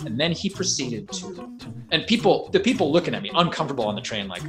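Rambling, animated young man telling stories. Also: mid-range voice, quick pace, crowd noise. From New York State. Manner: rambling, animated storyteller with many "like"s. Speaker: puppeteer guest. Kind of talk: casual interview storytelling.

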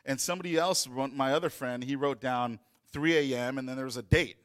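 A man's voice: mid-range voice, a little fast, fairly bright tone. A man telling a personal story in a loose, rambling way, with many fillers and restarts. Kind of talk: casual storytelling.

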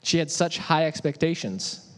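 A man preaching a sermon in a conversational, animated way, asking his audience questions. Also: on the high side, normal speed. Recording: echoey hall.

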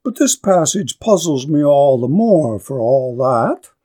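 A man lecturing on literature, reading a classic story aloud slowly and deliberately, then commenting on it. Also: on the high side, big pitch swings, mellow.

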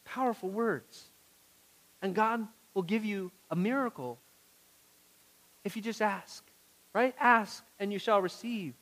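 A male pastor preaching a sermon to his congregation, moving from quiet, intimate words to loud pleading and asking the room questions. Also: high-pitched, takes it slowly, pauses often, poor audio.

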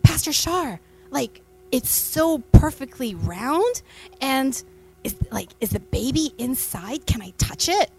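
A woman's voice: high voice, very animated, slow, warm tone, full character voice, rough recording. Cheeky teenage boy, curious and blunt, as a woman puts him on.

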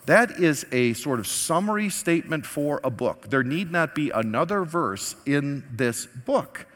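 A man preaches in a slightly higher-than-average voice, his words ringing in a long hall reverb. He tells the story with animated shifts, acting out the quoted lines. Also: a little slow, few pauses. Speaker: pastor. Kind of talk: sermon.

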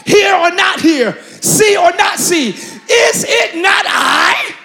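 A preacher doing God, pleading and loud. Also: male voice, very high-pitched, expressive, takes it slowly, a faint crowd, a little hiss or hum, exaggerated voice. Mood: commanding. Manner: emphatic preaching cadence with rhetorical questions. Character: God, an adult male deity pleading with a stubborn man.

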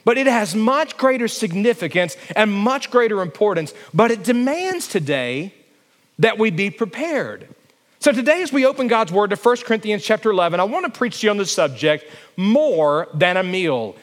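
With a high pitch that swings widely, a young Alabama pastor preaches at a normal speed, telling stories and calling for congregation responses. Long church-hall reverb colors the audio.

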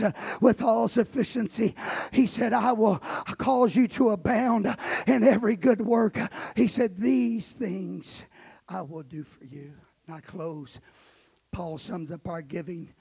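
Male pastor, fiery sing-song sermon, gravelly and husky tone. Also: sits high. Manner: shouting, sing-song preaching cadence. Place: church auditorium.

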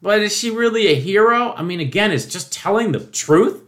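Man, higher-pitched voice, profane indignant rant, emphatic, political commentary monologue. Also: expressive, moderate pace. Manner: mocking quoted voices. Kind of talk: opinion monologue.

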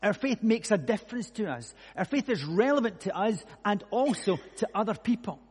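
A man preaching a conversational sermon, musing aloud with many rhetorical questions and moving between hushed and loud delivery. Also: high-pitched, animated, moderate pace, slightly rough. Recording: long echoey hall reverb.

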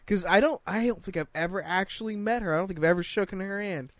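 Hesitant man, slightly high, dry sound. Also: quick pace, fairly bright tone, dry recording. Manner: hesitant, many restarts, wry. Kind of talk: casual chat.

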